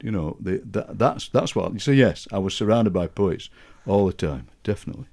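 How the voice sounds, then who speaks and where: A man's voice: lowish voice, animated, moderate pace, gravelly, few pauses, a little mellow. A man in his sixties with a Barnsley Yorkshire accent, a guest poet telling chatty anecdotes and chuckling through his stories. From Yorkshire, England. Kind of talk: anecdotal conversational storytelling.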